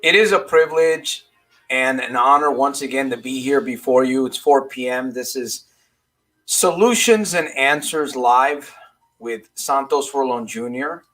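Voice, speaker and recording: A man hosting his own live coaching broadcast, speaking at an everyday middle pitch. He rambles, restarts his sentences and keeps repeating questions to his viewers. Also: fairly even intonation, moderate pace, pushed and bright, soft background music. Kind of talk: casual motivational livestream talk.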